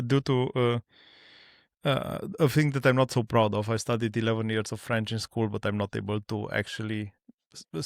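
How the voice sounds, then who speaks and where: A man's voice: mid-range voice, no echo, studio quality. A man speaking as a podcast guest in casual conversation, in non-native English, often restarting and searching for words.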